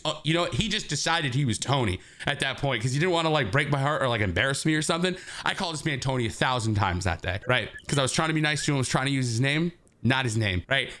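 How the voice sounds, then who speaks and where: A man with a fairly high, bright voice telling a story on a podcast at a quick clip. He is animated, laughs often and acts out the lines of the people in his story. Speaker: podcast co-host. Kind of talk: casual storytelling chat.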